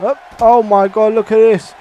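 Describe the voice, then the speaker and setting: Man, gamer, high voice, loud reactive commentary, faint hiss. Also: level tone, normal speed, muffled recording. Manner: swears a lot, reacts loudly to the action. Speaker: gamer playing a wrestling game. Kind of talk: excited let's-play commentary.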